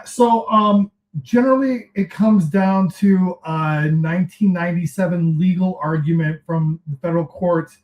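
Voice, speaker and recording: A man on a podcast, setting up a news story in a measured, explanatory way with frequent fillers. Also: high-pitched. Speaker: podcast contributor. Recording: roomy, dull-sounding mic.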